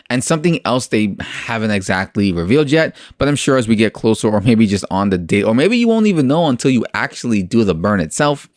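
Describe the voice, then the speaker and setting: A man's voice: fairly low pitch, no echo, clean studio sound. A man hosting a crypto video channel, giving casual commentary full of jokey, sarcastic asides and fillers.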